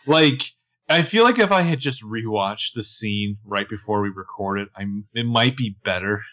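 A man's voice: on the low side, animated, moderate pace, a bit bright. A man co-hosting a casual show recap, enthusiastic and sarcastic with profane asides. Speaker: podcast co-host.

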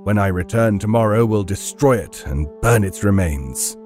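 A man's voice: lowish voice, lively intonation, normal speed, a little mellow, soft background music, natural voice. A man playing a stern, commanding occult investigator who gives curt orders. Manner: curt and authoritative, giving orders.

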